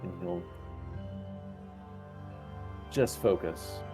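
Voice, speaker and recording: A man playing a tabletop game, calmly describing his character's actions in an unhurried way. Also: deep voice, music in the background. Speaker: player.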